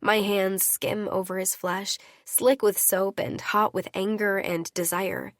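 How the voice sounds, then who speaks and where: A woman's voice: medium pitch, little pitch movement, slow, no room sound, studio quality. A woman narrating a romance audiobook in an intimate first-person reading.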